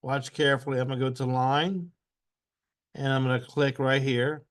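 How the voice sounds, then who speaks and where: A man teaching a step-by-step software tutorial. He repeats each step aloud patiently and keeps clearing his throat. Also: medium pitch, flat delivery, normal speed. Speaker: instructor.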